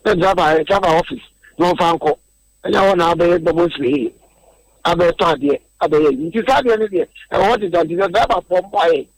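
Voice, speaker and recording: A man's voice: sits high, fairly quick, rough recording. Earnest man explaining on radio. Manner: earnest, explanatory, with repeated words. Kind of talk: radio discussion.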